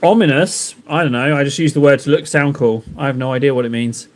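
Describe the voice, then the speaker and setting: A man's voice: medium pitch, fast. Chatty man painting on a live stream. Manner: rambling, jokey self-talk while painting. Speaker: livestream host painting miniatures. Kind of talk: casual live-stream chat.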